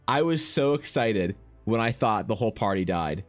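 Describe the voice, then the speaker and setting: With soft background music in his home streaming setup, a fantasy artist chats casually on a livestream, his rambling, profane humor riddled with restarts. His fairly low voice has lively intonation, normal speed, and few pauses.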